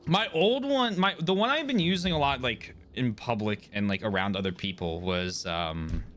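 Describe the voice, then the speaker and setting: A man's voice: mid-range voice, lively intonation, normal speed, fairly bright tone, slight background noise. A man chatting casually on a live game stream, joking, swearing and laughing often. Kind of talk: casual live-stream chat while gaming.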